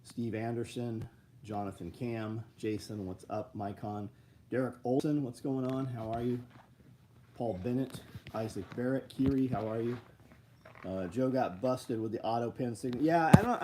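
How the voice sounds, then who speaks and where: A man's voice: medium pitch, darkish tone, a little hiss or hum. A man hosting a casual livestream, talking bluntly with lots of swearing, reading viewer names and plugging gear. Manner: blunt, profane, rambling. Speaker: livestream host.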